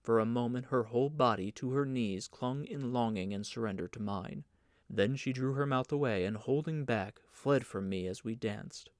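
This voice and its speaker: A man narrating an audiobook of a novel in an even, measured reading. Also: medium pitch, dry recording, clean studio sound. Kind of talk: scripted narration.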